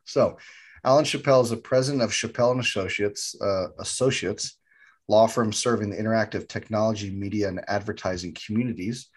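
A man's voice: lowish voice, quick pace, breathy edge. A man co-hosting a podcast, upbeat and enthusiastic in casual chat. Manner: upbeat, enthusiastic, says fantastic a lot. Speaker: podcast co-host.

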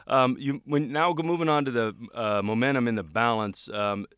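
A man's voice: medium pitch, steady tone, normal speed, a bit bright, clean tone, dry recording, studio quality. A male tennis coach hosting an interview, asking rambling questions with many fillers.

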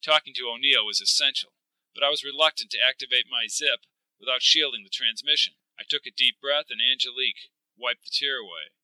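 A man narrating a first-person story in a measured, even storytelling voice. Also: medium pitch, no room sound, poor audio.

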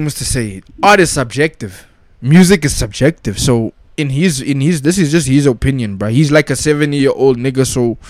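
A young man rants casually about pop culture, his voice sitting a little high for a man. He leans on slang and restarts constantly, scattering "bruh" and "dog" through every thought. The sound is close and dry, with no room around it. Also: no room sound. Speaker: podcast host.

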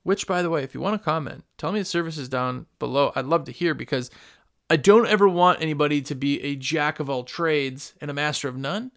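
A brisk man with a fairly high, slightly bright voice hosts a podcast aimed at window cleaners, speaking into a microphone at his computer. His talk is casual and rambling, mixing business advice with acted-out customer calls.

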